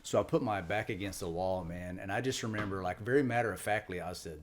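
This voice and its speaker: In a casual storytelling interview, a middle-aged retired Marine appears as a podcast guest and talks fast in a low voice. He recounts his experiences loosely and matter-of-factly, with fillers and restarts.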